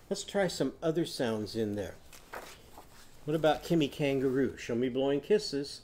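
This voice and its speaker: Mellow-voiced man teaching children phonics. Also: medium pitch, animated, moderate pace. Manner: sings call-and-response animal sounds; patient, speaks to children.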